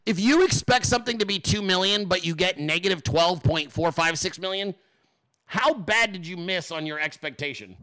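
Guy ranting on his stream, high bright voice, swears a lot, keeps asking the viewers snarky questions. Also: moderate pace. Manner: profane, sarcastic, mocking rant; asks the audience rhetorical questions. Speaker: political commentator, show host. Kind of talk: livestream political commentary.

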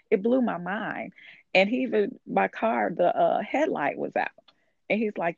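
A woman talks earnestly about her own story, her voice gravelly with fry. The sound is thin and tinny, like a phone line, and very dry. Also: medium pitch, lively intonation, unhurried, no echo. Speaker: author. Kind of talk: casual conversation.

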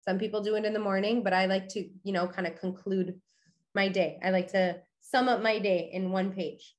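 A woman's voice: mid-range voice, fairly even intonation, normal speed. Chatty upbeat young woman podcast host. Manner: chatty and upbeat, full of "you know" and "okay". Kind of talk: casual motivational monologue.

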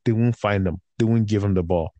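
A man's voice: on the low side, a little fast, warm tone, no room sound, dull audio. Man ranting profanely about football. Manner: heated, profane rant with slang like bro. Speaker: podcast host and football fan. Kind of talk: casual chat.

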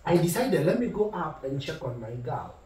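A man's voice: on the high side, normal speed. Young Kenyan man telling a story, echoey room. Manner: animated, switches between English and Swahili, acts out quotes. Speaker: podcast co-host. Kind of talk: casual storytelling chat. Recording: echoey room, distant mic, faint noise.

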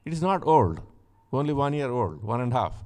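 A man's voice: medium pitch, sing-song, brisk, darkish tone. A man preaching a sermon, retelling a Bible story with acted dialogue and repeating key lines, then leading a prayer. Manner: acts out biblical dialogue, repeats key phrases. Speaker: pastor.

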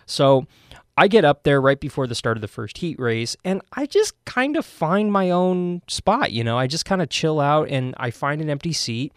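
A man's voice: normal speed, smooth, no room sound, studio quality. A man hosting a racing podcast, telling a story casually and animatedly, with many fillers. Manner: animated, many fillers, acts out quotes in a high shout.

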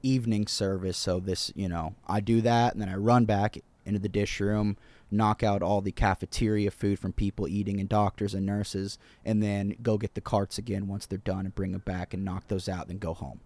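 A man co-hosting a podcast, telling a story in a relaxed, unhurried way. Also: lowish voice. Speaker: podcast host. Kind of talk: casual chat.

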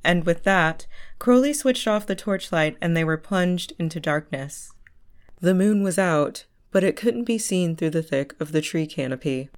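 A woman narrates a story in a measured audiobook reading. Her voice is smooth and resonant and sits a little low. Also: animated.

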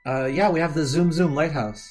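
A man's voice: a little high, normal speed, darkish tone, soft background music. Laid-back man improvising as game master. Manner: improvising, laughs often. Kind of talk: narrating a tabletop game.

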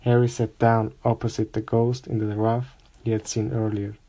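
A man calmly narrating a storybook aloud, with an even reading pace and small slips. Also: lowish voice, moderate pace. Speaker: audiobook reader.

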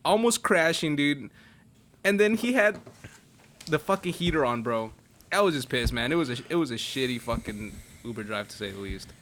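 A man's voice: mid-range voice, animated, normal speed, fairly bright tone, a little hiss or hum. A man co-hosting a podcast, telling a story in slangy casual chat, swearing and saying "bro" constantly.

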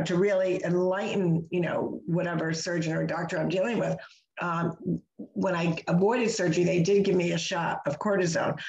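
A woman's voice: lowish voice, dull audio. Chatty woman telling stories in an echoey room. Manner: chatty, animated storytelling with lots of fillers. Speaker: host. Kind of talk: casual chat.

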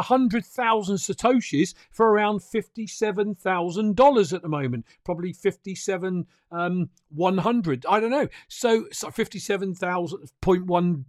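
Studio-quality and dry, the recording captures a high-pitched male host speaking at normal speed with few pauses. He runs a crypto news livestream, giving casual commentary and addressing viewers in a chatty, emphatic style.

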